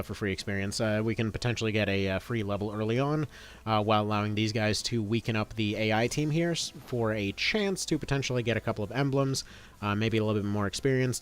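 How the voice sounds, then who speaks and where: A man in his thirties talks through a game stream in a loose, rambling way, full of fillers and half-started thoughts. His voice sits at an ordinary middle pitch, and faint music runs underneath. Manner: rambling, chatty, many fillers. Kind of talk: casual gameplay commentary.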